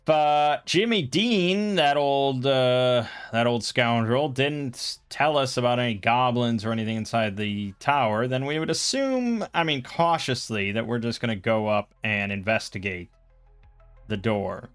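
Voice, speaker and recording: A man's voice: fairly low pitch, a bit bright. Man narrating a solo tabletop game. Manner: thinking aloud, reading rules and rolls. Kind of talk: casual solo role-play narration.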